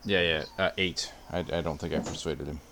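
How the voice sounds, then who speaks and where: A man with a very low, deep voice, joking around as a player in a tabletop game. He talks in a relaxed, easy way. A clear hiss runs under the recording. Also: a little fast. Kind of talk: casual tabletop game chat.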